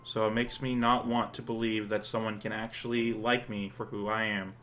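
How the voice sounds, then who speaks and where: A man's voice: on the low side, flat delivery, moderate pace, fairly bright tone, faint music behind, lightly acted. A man voicing a shy self-loathing teen girl. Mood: ashamed. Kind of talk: reading a visual novel aloud in character.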